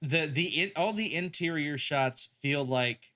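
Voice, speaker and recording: A man's voice: a little high, measured pace, pushed and bright. A man in casual podcast chat, rambling through joking riffs.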